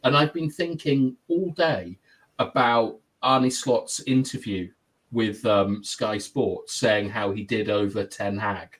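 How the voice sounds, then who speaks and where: His voice is on the low side and his pace slow as he hosts a casual live football chat stream, reading viewer comments out loud. He comes across lively and talkative, laughing frequently, and the recording is rough.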